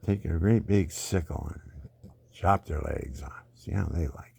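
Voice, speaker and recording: Gravelly older man rambling on. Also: rumbling low, a little slow, a little mellow. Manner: rambling, digressive, laughs at own stories. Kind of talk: rambling personal monologue.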